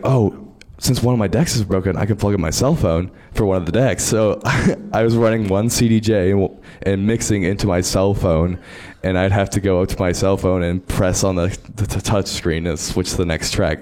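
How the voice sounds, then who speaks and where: A man with a very low voice tells a long, funny story on a panel. He is casual and self-mocking, and he laughs at his own bad luck as he talks. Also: steady tone, moderate pace, few pauses, a little mellow. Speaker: DJ on a convention panel.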